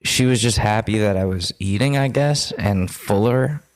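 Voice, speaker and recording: A man's voice: fairly low pitch, moderate pace. Loose-talking man in his twenties. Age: 20s. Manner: loose, swearing, self-deprecating storytelling. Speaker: podcast co-host. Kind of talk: casual chat.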